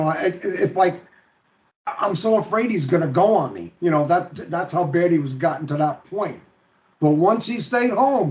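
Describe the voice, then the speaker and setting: A man telling a friend's story as a show guest, halting and repeating words, laughing through grief. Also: high-pitched, darkish tone. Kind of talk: emotional storytelling. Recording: dull lo-fi stream audio.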